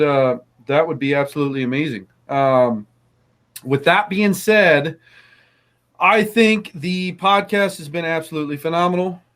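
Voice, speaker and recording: A man hosting a casual podcast interview, effusive and full of um and uh fillers. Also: a little high. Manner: effusive, many fillers, repeats praise. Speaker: podcast host.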